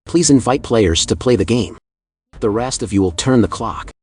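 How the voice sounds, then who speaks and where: A man's voice: lowish voice, animated, normal speed, husky. A man voicing a scornful clown game master. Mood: cold mocking. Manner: scornful, cold.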